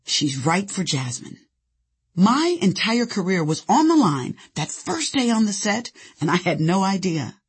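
A woman's voice: medium pitch, big pitch swings, normal speed, few pauses, slightly rough. A woman narrating her own memoir with sassy, conversational storytelling. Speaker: author and narrator.

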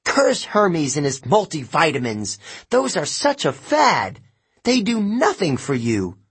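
A man voicing a vain sorceress in a high, shrieking storybook voice, husky underneath. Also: huge pitch swings, slow pace, a bit bright, full character voice. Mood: shrill. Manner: shrieking, haughty. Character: shrill vain sorceress woman.

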